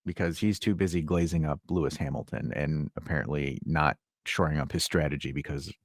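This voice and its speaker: A man's voice: very deep voice, brisk, no room sound, clean studio sound. A man hosting a sports podcast, ranting with profanity and sarcasm in casual chat. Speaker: podcast host.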